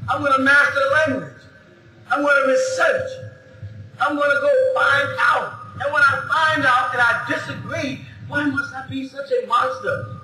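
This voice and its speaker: A man giving an animated lecture to a live audience, arguing through rhetorical questions and laughing often. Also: very high-pitched, moderate pace, noisy background. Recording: very echoey hall.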